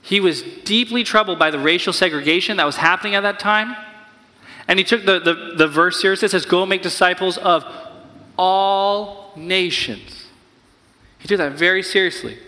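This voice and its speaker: A man preaching a sermon as pastor, energetic and playful, sometimes acting out excited voices. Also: high voice, moderate pace, long reverb tail.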